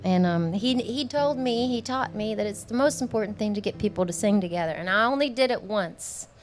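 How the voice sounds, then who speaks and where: A woman's voice: medium pitch, animated, brisk. A woman singer-songwriter chatting between songs at a small club show, rambling and joking and laughing often. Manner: jokey, laughing often, self-deprecating. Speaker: singer-songwriter performing live. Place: small music club stage. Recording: live club sound with guitar under speech.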